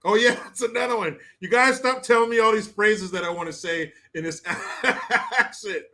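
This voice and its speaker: American guy on a stream chatting with viewers, higher voice, bright, kinda slow. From United States. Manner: laughs often, playful, crude banter. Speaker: livestream host. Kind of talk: casual live commentary reading chat.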